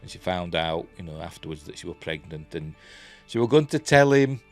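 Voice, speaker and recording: A man's voice: sits low, expressive, brisk, soft background music. A man with a Yorkshire accent reviewing a TV episode in a rambling, casual way, full of fillers.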